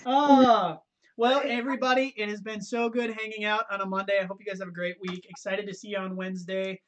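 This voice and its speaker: A young man hosting a youth ministry livestream, chatting loosely with quick restarts and easy laughs. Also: sits high, little pitch movement, highs cut off. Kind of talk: casual livestream chat.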